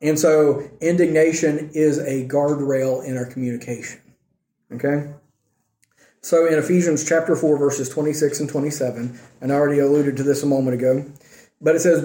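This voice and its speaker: A man's voice: a little high, steady tone, moderate pace, warm tone, reverberant. A man teaching a church class on marriage, often asking the class questions and checking in with "okay" and "right". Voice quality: says he has trouble with R's.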